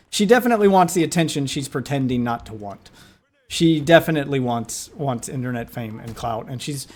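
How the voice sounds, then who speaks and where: A man commentating on a live stream, mocking and scornful, talking back at the screen. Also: on the high side.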